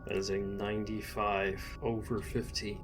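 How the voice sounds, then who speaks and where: A man playing a tabletop role-playing game who talks in a relaxed, offhand way. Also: on the low side, moderate pace. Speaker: player. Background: background music.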